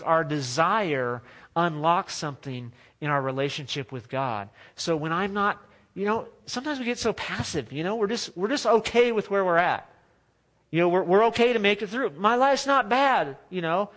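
A pastor with a high-pitched, fairly bright voice preaches a sermon in an earnest, conversational way, often restarting his phrases.

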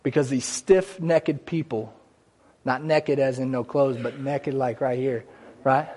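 A man's voice: mid-range voice, steady tone, measured pace, a little mellow. A man preaching a conversational church sermon, with asides and small jokes along the way. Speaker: pastor. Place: church sanctuary.

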